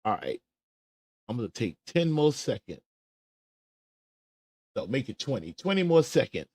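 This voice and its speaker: A man hosting a casual livestream commentary show, with a voice sitting at a middling pitch. He chats his way through stalls, filling the gaps while he hunts for a clip. The sound is dry and close, with no room around it. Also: very animated, unhurried, a little mellow, dry recording. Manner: talks himself through searching for a clip, chatty and stalling. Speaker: show host.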